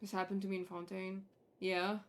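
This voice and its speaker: A woman's voice: mid-range voice, little pitch movement, normal speed. A tired woman streaming a video game, ranting with exasperation and swearing as she talks casually. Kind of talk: casual gameplay commentary.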